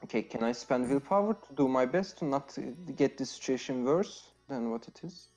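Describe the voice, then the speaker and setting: A man's voice: mid-range voice, expressive, moderate pace, darkish tone, lo-fi sound, soft background music. A man playing in a tabletop game, talking hesitantly with many fillers. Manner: hesitant, many ums and restarts. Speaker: player. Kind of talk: casual tabletop play.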